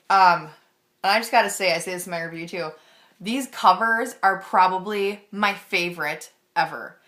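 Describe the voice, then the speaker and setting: A woman's voice: medium pitch, bright, forceful tone. A young woman book vlogger chatting casually and gushing with enthusiasm about her favorite characters, with lots of fillers. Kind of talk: casual chat.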